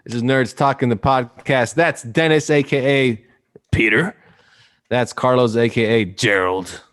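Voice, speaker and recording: A man's voice: mid-range voice, unhurried, a bit bright. A man hosting a podcast in casual, rambling chat, joking and teasing his co-hosts. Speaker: podcast host.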